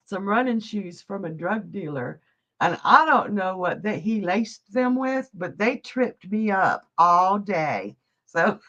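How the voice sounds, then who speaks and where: Here a middle-aged woman gives psychic readings over a live stream, joking, chatting and frequently laughing. She speaks in a mid-range, slightly bright voice, and the stream audio is dull and lo-fi.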